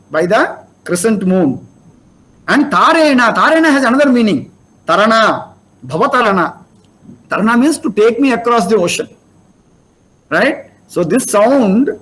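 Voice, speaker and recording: Heard through a rough recording, an older man with a high-pitched voice and an Indian English accent gives a spiritual lecture. He lays out his explanation step by step, using rhetorical questions.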